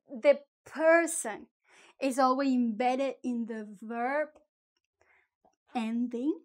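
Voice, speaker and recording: A woman teaches in a relaxed video lesson. Her voice sits high, and she explains each point slowly, moving between example sentences and English. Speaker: Spanish teacher.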